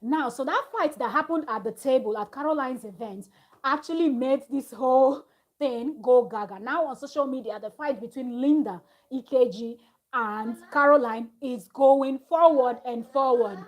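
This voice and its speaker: A woman with a slightly high voice recaps a reality-show episode in a loose, chatty way. She retells the arguments with animation, like a vlogger talking straight to her audience from home. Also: normal speed. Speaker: reality TV review host. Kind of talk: casual gossip recap to camera. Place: at home with her small child nearby.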